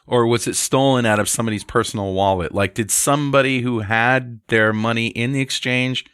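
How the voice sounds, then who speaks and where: A man's voice: medium pitch, steady tone, a little fast, fairly bright tone, smooth, no room sound, clean studio sound. A man hosting a casual tech panel, joking and asking questions. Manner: jokey, asks questions.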